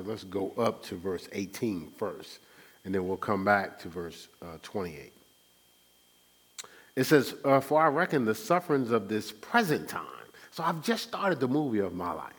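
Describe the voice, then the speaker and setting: A man preaching a sermon at his church, teaching in a loose conversational way and often asking the congregation to fill in the words. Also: lowish voice. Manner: conversational preaching with call-and-response questions. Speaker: pastor.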